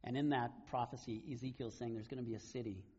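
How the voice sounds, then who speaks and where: A man preaching a sermon, retelling scripture stories in a relaxed, conversational way. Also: medium pitch, quick pace, husky, muffled recording. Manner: conversational storytelling, casual paraphrase of scripture. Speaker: pastor.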